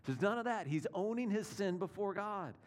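A man preaching a sermon as pastor, in a conversational way that often checks in with listeners through rhetorical questions, swinging between emphatic and hushed delivery. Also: high voice, lively intonation, moderate pace.

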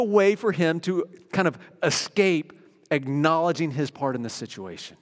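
A middle-aged man preaching a sermon as pastor, earnest and conversational, moving between loud emphasis and hushed, quiet lines. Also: fairly high pitch, animated, normal speed. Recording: long reverb of a hall.

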